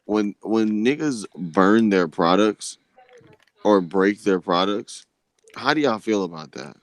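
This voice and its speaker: Low-voiced man, blunt and offhand. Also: animated, takes it slowly, dry recording. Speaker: podcast co-host. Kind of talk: casual group chat.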